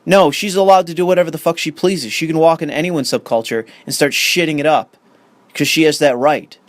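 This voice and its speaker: A man's voice: a little high, fairly even intonation, brisk, dry recording. A young man ranting in commentary, profane and sarcastic, reading an article aloud and arguing with it. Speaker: commentary host.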